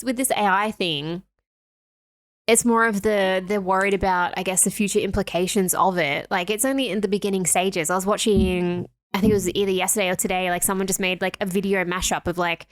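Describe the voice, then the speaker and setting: A woman's voice: lowish voice, no room sound, studio quality. A young woman co-hosting a podcast in a chatty, casual way, laughing often and filling with "like". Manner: chatty, laughs easily, lots of filler "like". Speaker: podcast co-host. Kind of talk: casual chat.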